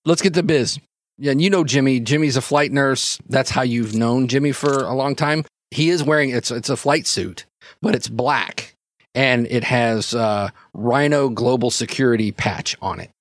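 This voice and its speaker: A man narrating a tabletop game as game master, at a middling pitch. He rambles with many fillers and restarts, and the sound is dry and close with no room. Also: normal speed, no echo.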